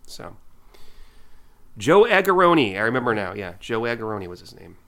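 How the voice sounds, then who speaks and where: A man's voice: on the low side, fairly even intonation, quick pace, creaky, pushed and bright. A man co-hosting a podcast, chatting casually and recapping scenes by acting out the dialogue. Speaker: podcast co-host. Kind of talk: casual chat.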